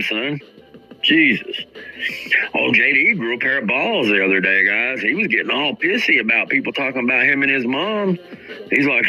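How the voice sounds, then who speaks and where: A man hosts a stream in a bright, sharp voice, his pitch leaping around as he rants. He mocks and swears constantly in a combative, profane tirade. Faint music sits under his voice. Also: muffled recording. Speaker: streamer host. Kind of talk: profane ranting commentary.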